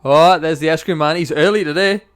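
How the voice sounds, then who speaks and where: A man hosting a podcast in casual chat, chatty and quick to agree with his guest. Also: fairly high pitch, fairly bright tone, clear, resonant tone, soft background music. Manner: quick talker, chatty, lots of brief agreements. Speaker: podcast host.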